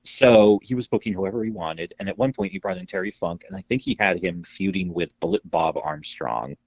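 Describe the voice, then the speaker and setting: Male podcast co-host, low pitch, husky, animated storyteller, casual and profane. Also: a little fast, dry recording, highs cut off. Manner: animated storyteller, acts out quotes, swears freely.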